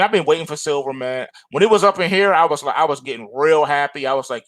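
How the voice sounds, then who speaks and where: A man hosting an end-of-day trading report, talking about the charts in animated, slangy commentary and joking about them as if they were people. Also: fairly high pitch, fast, hardly any pauses, dry recording. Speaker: trading show host.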